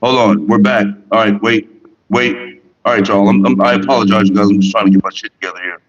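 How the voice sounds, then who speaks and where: A man's voice: on the low side, steady tone, fast. A man hosting a casual livestream, rambling and swearing freely while greeting viewers in the chat, on a headset mic. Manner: laid-back, profane and rambling. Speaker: livestream host. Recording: slightly dull lo-fi audio.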